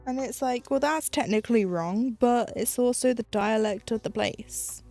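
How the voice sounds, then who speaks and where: A woman's voice: on the high side, normal speed, darkish tone, soft background music. A woman from the UK with a British accent, rambling casually and joking to her viewers while she stitches at home. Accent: British English. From United Kingdom. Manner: rambling and chatty, with frequent "like" and self-aware jokes. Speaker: live-streaming stitcher.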